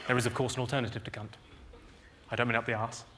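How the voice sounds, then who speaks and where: A man doing stand-up, roasting the audience with a deadpan, teasing delivery on stage. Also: mid-range voice, fast, background noise. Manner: deadpan, teasing crowd work. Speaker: stand-up comedian. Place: live theatre with an audience. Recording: loud audience laughter behind.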